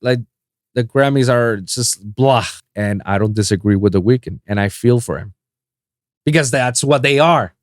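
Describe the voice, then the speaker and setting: A man from Puerto Rico hosting a solo podcast, ranting in a casual, profane way that swings between loud outbursts and low mutters. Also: unhurried, no echo, studio quality. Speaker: podcast host.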